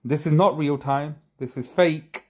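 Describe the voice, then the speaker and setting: A man's voice: on the high side, unhurried, darkish tone. A man hosting a video, giving sarcastic, mocking commentary over images he is showing on screen. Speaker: video host.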